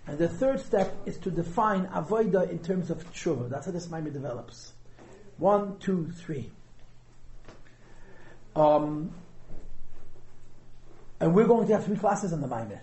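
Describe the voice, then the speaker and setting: A man's voice: on the high side, warm tone, echoey room, rough recording. A man, teaching a class on a Chassidic discourse in a conversational lecture style and asking rhetorical questions. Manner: conversational, mixes Yiddish and Hebrew terms, asks rhetorical questions. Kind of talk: lecture on a text.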